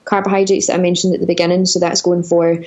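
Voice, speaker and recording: A woman's voice: fairly low pitch, flat delivery, quick pace, a little mellow, muffled recording. A young adult woman, a dietitian guest, explaining in a conversational podcast interview with frequent fillers and restarts.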